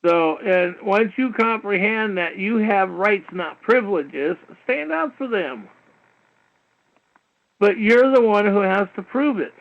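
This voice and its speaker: Man, high-pitched, talk show host, heated lecturing, rambling, swears, muffled lo-fi radio sound. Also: expressive, takes it slowly. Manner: repetitive, peppered with "you know", swearing. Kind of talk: rambling call-in radio monologue. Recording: dull lo-fi internet radio stream.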